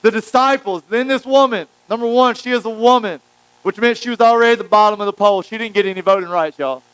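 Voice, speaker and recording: A preacher tells the story with animated, acted-out lines. His voice sits high and rings smooth and clear. The sound is close and dry. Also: fast, no echo, poor audio. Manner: animated storytelling, acting out quotes. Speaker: pastor. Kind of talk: sermon.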